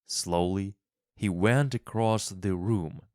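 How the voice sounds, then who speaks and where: A man slowly reading a graded English story aloud, clearly enunciating each phrase. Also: low-pitched, a little mellow, no echo, clean studio sound. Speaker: narrator of a graded English reader. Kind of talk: slow, expressive storybook reading.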